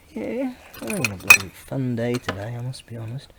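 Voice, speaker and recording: A man's voice: medium pitch, big pitch swings, unhurried, vocal fry, very noisy. A man vlogging in a workshop, rambling casually to the camera, laughing often and muttering asides to himself.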